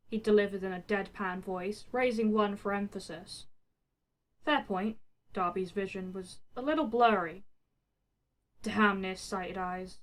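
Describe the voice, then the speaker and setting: A woman reading a fan fiction story aloud, with expressive narration. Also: medium pitch, moderate pace, poor audio. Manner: expressive, swears in the text freely.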